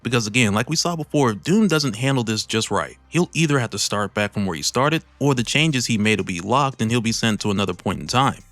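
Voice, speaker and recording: A man's voice: mid-range voice, expressive, brisk, hardly any pauses, a bit bright, dry recording, soft background music. A man casually recapping a comic story with laughing, slangy asides, recorded on a close mic.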